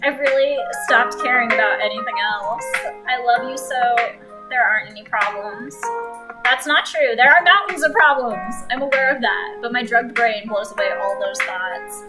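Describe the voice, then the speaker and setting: A woman's voice: on the high side, moderate pace, close to an everyday voice, low-quality recording. A woman reading the lines of a giddy, lovestruck young heroine from a dating game in a plain, earnest way. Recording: loud game music over the voice. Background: loud game music.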